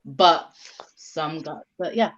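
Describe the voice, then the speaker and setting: A woman's voice: sits low, takes it slowly, dull audio, crowd noise. A woman speaking as a panelist and advocate, frank and emphatic, with street slang. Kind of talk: casual panel discussion.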